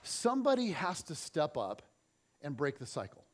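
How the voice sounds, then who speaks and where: A middle-aged man preaching a church sermon and telling a personal story, swinging between loud and soft. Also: on the high side, huge pitch swings, moderate pace. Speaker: pastor.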